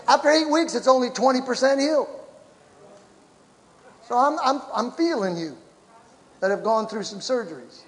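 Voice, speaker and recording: High-voiced man preaching in a hall. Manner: animated, shouting to the congregation, with laughter. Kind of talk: sermon with personal story. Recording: large hall with long reverb.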